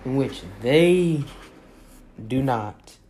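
A man's voice: mid-range voice, expressive, drawn-out words, a little mellow. Emphatic man repeating his points. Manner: repetitive, emphatic, preacher-like cadence. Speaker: commentator. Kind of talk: impassioned spoken commentary.

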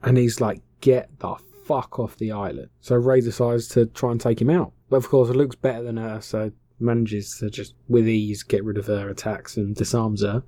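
A man's voice: mid-range voice, flat delivery, normal speed, few pauses, warm tone, dry recording. A man casually retelling a film plot, offhand, slangy and full of swearing. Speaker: film recapper. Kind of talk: casual comic film recap.

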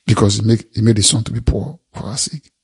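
A man's voice: lowish voice, a little fast, slightly rough. A man preaching a sermon, reading scripture aloud and expounding it, repeating phrases for emphasis.

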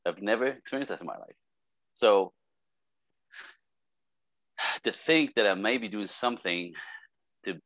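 A man's voice: low voice, a bit bright, dry recording. A man with a French accent speaking as a podcast guest, earnest and emotional, in broken, restarting phrases. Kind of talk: casual interview talk.

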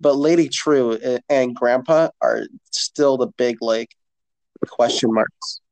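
A man's voice: mid-range voice, slow, creaky, darkish tone. A man chatting casually about a TV show, loose and profane, rambling with fillers. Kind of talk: casual chat.

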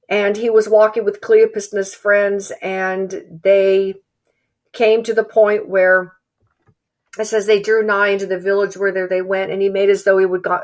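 A woman preaching a sermon in an earnest, halting way, repeating phrases for emphasis. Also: medium pitch.

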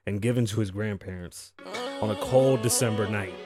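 Over music, a man in his thirties from Puerto Rico hosts a casual podcast, talking loosely and profanely with Spanish asides. His voice is fairly low, and he speaks at a normal speed.

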